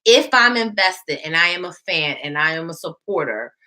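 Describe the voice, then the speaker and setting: A woman hosting a podcast in casual chat, animated and quick to laugh. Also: fairly low pitch. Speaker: podcast host.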